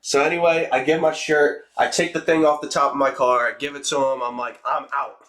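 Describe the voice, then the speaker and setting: Young guy, casual storytime, animated and profane, crisp bright voice. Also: mid-range voice. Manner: fast, animated, swearing, acts out quotes. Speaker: streamer telling a story.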